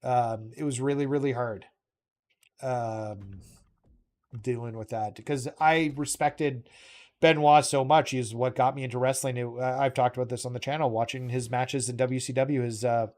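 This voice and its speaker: A man's voice: medium pitch, steady tone, moderate pace, a little mellow. Rambling, earnest male game streamer. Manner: rambling, full of "um" fillers and self-corrections; earnest and heartfelt. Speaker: gaming streamer. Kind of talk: casual live-stream chat.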